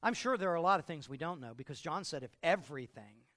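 A man's voice: a little high, expressive, quick pace, sharp tone. A middle-aged man preaching a sermon with playful storytelling, acting out scenes. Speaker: pastor.

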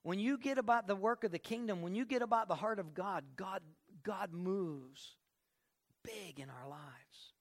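An older male pastor gives a folksy, conversational sermon, dropping into soft asides and then lifting his voice for emphasis. His voice is slightly high with a gravelly grain. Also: measured pace.

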